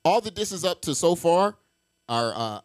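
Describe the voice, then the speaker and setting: A man co-hosting a podcast, talking in a lively, animated way and repeating himself as he jumps into the conversation. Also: fairly high pitch, a little slow, smooth. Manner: animated, talks over others, repeats phrases. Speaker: podcast co-host. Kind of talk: casual chat.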